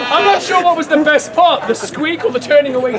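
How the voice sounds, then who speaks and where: A man performs a comic story on an outdoor fair stage, playful and quick to laugh as he directs volunteers. His voice sits very high. A loud crowd laughs and chatters all around him. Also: very noisy. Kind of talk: audience-participation comic storytelling.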